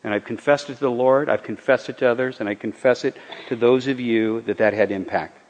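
A man speaking as a pastor, giving an earnest, halting, confessional sermon testimony to his church. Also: medium pitch, steady tone, a little mellow. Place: church hall. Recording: dull sound with long hall reverb.

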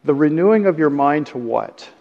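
A man's voice: on the high side, animated, normal speed, creaky. A man preaching a conversational sermon, joking about himself and chuckling now and then. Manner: conversational, self-deprecating, chuckles at own jokes. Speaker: pastor. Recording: dull sound with long hall reverb.

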